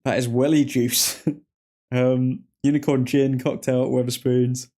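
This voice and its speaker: A man's voice: mid-range voice, little pitch movement, unhurried, mellow. A man with an English accent casually hosting a football watchalong, chatting and reacting to viewer comments. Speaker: livestream host.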